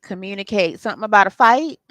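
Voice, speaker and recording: A woman's voice: mid-range voice, fast, a bit bright, dry recording. A woman doing a casual channeling session as a psychic reader, chatting and laughing with her viewers. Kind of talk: casual spirit channeling livestream.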